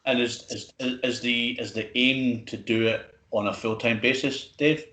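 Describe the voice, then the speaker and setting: A man's voice: mid-range voice, fairly even intonation, unhurried, pushed and bright, echoey room. A Scottish man interviewing a guest in a casual, swearing, stop-start chat. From Scotland. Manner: swears freely, stumbles and restarts.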